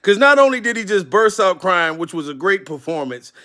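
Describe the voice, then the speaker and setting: A man giving casual, joking reaction commentary on a clip, animated and emotional. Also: high-pitched, brisk.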